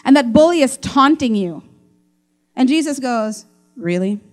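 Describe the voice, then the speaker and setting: A woman with a high voice preaches a sermon. She is animated and acts out the voices she quotes. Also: a little slow, faint music behind. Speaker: pastor.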